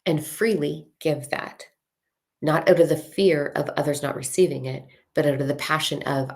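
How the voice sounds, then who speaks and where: Very low, gravelly-voiced woman coach. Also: steady tone, darkish tone. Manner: frank, swears casually, drawn-out mantra reading. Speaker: spiritual coach. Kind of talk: casual livestream talk.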